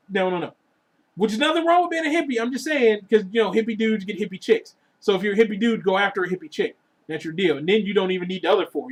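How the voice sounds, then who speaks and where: A man with a high voice rants to his viewers in a crude, profane, joking vlog. He swings between loud lines and muttered asides. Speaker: vlogger. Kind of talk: casual rant to camera.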